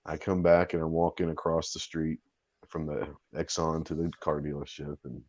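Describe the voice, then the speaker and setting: Deep-voiced middle-aged man telling a story. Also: level tone, moderate pace, darkish tone, no echo. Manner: rambling, repeats words, acts out quoted dialogue. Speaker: podcast host. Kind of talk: casual storytelling. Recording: dull, lo-fi dry sound.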